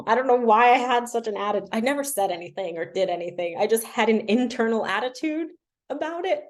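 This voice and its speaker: Talking fast with a fairly high, lively voice, a young adult woman runs a casual language-learning livestream, chattering away with self-deprecating humor and frequent fillers.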